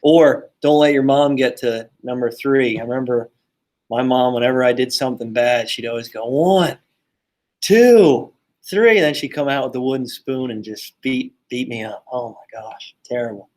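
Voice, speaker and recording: A man's voice: mid-range voice, level tone, normal speed, darkish tone. Chatty man teaching a psychology class. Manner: chatty, joking asides, many fillers. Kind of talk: casual classroom lecture.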